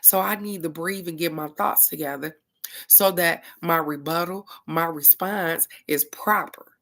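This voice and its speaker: A middle-aged woman hosting a casual livestream in a chatty, informal way, laughing easily between thoughts. Her voice sits a little low but has a bright, forward edge. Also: measured pace, gravelly. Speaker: livestream host.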